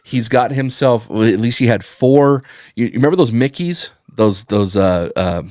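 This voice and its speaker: A man telling a rambling, profane story in casual podcast chat, getting animated when he quotes people. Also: mid-range voice, moderate pace, dry recording, clean studio sound. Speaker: podcast guest.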